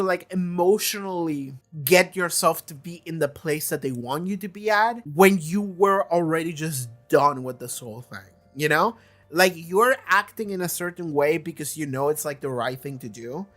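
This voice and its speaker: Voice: medium pitch, fairly bright tone. A young adult host talking through a TV season in a rambling, casual review, repeating words and filling with "like".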